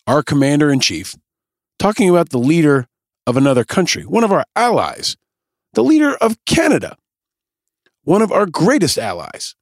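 A man's voice: fairly high pitch, huge pitch swings, moderate pace, pauses often, no room sound, studio quality. A man hosting a podcast, delivering scripted, sarcastic and pointed political commentary. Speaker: podcast host.

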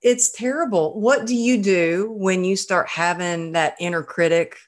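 Woman host, lowish voice, chatty and self-deprecating, full of anecdotes. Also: measured pace. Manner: animated, self-deprecating storytelling. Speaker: podcast host. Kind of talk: casual podcast conversation.

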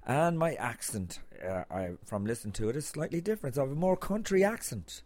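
A man's voice: medium pitch, big pitch swings, a little fast, darkish tone, no echo. An Irish man hosting his podcast, rambling casually with many fillers and restarts. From Ireland. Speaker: podcast host and comedian.

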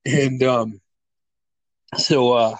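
A man's voice: very slow, no room sound. Guy reminiscing, lots of uh and you know, bumps his voice up for quotes, dry close sound. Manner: animated storyteller, acts out quotes in a higher voice; laughs often, many fillers. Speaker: friend sharing memories. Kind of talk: casual storytelling chat.

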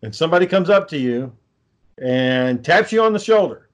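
A man chats casually and asks easygoing questions in a laid-back way, drawling "y'all." His voice sits on the high side, animated, at a moderate pace.

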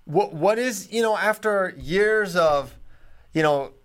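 A man hosting a casual podcast in a slightly higher-than-average voice. He talks in a dry, sarcastic way and plays up his exasperation with his guests. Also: expressive, slow pace, fairly bright tone, smooth. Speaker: podcast host. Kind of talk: casual chat.

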